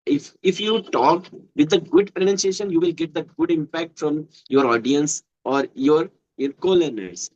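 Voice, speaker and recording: Earnest Indian English speaker, mid pitch. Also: moderate pace, hardly any pauses, a little mellow, highs cut off. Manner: explaining, earnest, repetitive. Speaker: conversation partner. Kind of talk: casual conversation practice.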